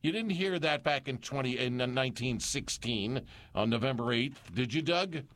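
A man's voice: medium pitch, animated, moderate pace, fairly bright tone. A man co-hosting a casual radio chat, reading from old newspapers with wry asides. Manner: gruff, wry asides, trails off with "blah, blah". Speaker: radio co-host.

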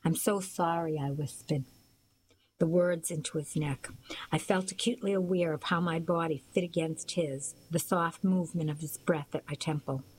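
A woman narrating a first-person novel as an audiobook, in a steady storytelling manner. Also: low voice, moderate pace, husky, rough recording.

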